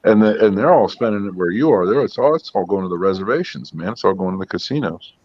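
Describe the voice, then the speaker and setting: Deep male voice, casual rambling salesman, dry muffled recording. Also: lively intonation, fast talker, darkish tone. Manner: easygoing, rambling with fillers. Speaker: parts salesman. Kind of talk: casual garage chat. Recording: dry, dull lo-fi sound.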